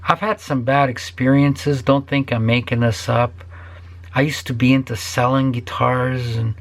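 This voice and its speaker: Gravelly slow-talking older man ranting. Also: mid-range voice. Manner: profane ranting, trailing into whispers. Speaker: guitar builder. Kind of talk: ranting vlog to camera.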